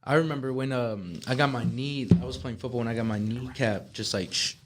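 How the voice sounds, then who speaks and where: Young male guest, animated storyteller, swears, laughs mid-story. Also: mid-range voice, fairly quick, background noise. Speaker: podcast guest. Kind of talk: casual chat.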